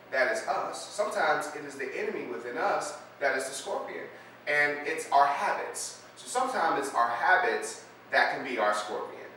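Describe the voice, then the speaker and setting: A man's voice: mid-range voice, sharp tone. A man speaker telling a parable and drawing a life lesson, conversational, with many fillers. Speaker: motivational speaker. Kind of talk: storytelling lesson. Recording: echoey room, distant mic, faint noise.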